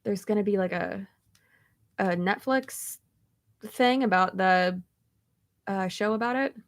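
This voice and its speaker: A woman's voice: medium pitch, slow pace. A woman vlogger chatting casually, rambling through a story with lots of fillers and restarts. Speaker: beauty vlogger.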